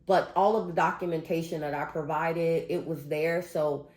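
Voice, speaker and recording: A woman's voice: low-pitched, steady tone, normal speed, darkish tone. Woman, emphatic, casual commentary, talks to viewers, roomy room sound. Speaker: vlogger. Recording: roomy echo.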